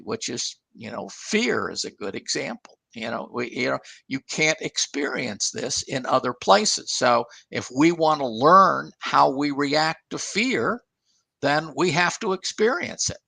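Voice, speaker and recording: Gravelly older man, halting speech. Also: on the high side, sharp tone, no echo. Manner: halting, many restarts and fillers, thoughtful. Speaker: guest, former engineer and author. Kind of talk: casual interview talk.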